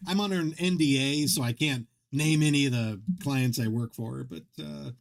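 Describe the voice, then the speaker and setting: A man's voice: medium pitch, moderate pace, gravelly. A man hosting a game livestream, rambling and joking at his own expense in casual chat. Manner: rambling, self-deprecating, joking, many restarts. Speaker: streamer host.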